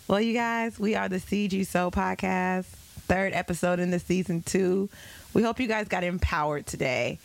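Gravelly-voiced woman podcast host. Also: fairly low pitch, unhurried. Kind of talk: casual podcast sign-off.

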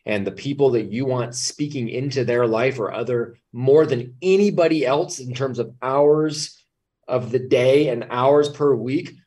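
A man's voice: mid-range voice, a little slow, a little mellow, husky, recorded from a distance. A man speaking as a guest in a casual interview, blunt and swearing freely. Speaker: podcast guest.

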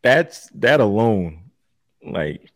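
A man's voice: lowish voice, sing-song, very slow, dry recording. A man co-hosting a casual podcast and running a bracket, laid-back, laughing often and swearing freely. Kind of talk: casual chat.

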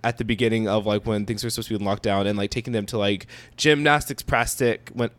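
A man's voice: on the low side, steady tone, fast talker, no echo. A man co-hosting a casual podcast, reading out quotes as a quiz and chatting with lots of "like" fillers. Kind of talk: casual chat.

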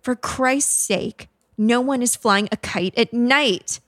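A woman voicing an edgy male killer who snaps and shouts irritably. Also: medium pitch, fairly quick, no room sound, studio quality, close to an everyday voice. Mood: exasperated.

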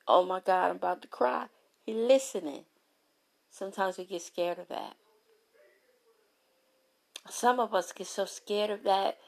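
A woman giving a candid motivational talk on relationships, telling stories with lively, playful asides. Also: medium pitch, creaky. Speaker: relationship speaker.

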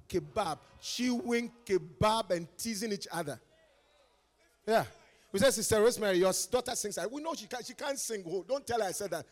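A Ghanaian man preaching a lively conference sermon, teasing his listeners and swinging from quiet asides to shouted calls. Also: sits high, big-room sound. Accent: Ghanaian English. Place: large conference hall.

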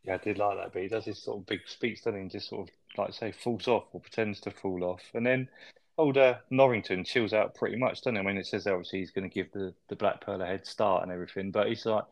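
Quick-talking man, laughing as he chats. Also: on the low side, fairly even intonation, no room sound, muffled recording. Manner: laughs often, hedging with filler words. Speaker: podcast co-host. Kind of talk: casual film review chat.

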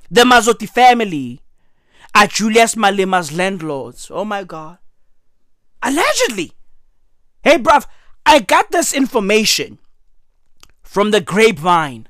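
A South African man with a hoarse, cracking voice delivers a profane, comedic political rant, slipping into Zulu slang. His high voice leaps wildly up and down but his delivery stays unhurried. The recording is dry and close. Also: huge pitch swings, a bit bright, dry recording. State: hoarse, clearing throat. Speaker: vlogger.

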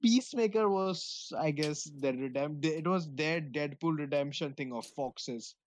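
A man's voice: on the high side, unhurried, a little hiss or hum. A man in casual chat about movies, laughing and rambling as he talks, swearing freely.

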